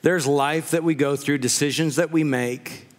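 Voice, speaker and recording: A man preaches to his congregation, and his voice sits high for a man. He moves through jokes and personal stories in an easy, conversational way. His words ring out with a long reverb in a church hall. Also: steady tone, moderate pace. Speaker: pastor. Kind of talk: humorous sermon. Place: church sanctuary.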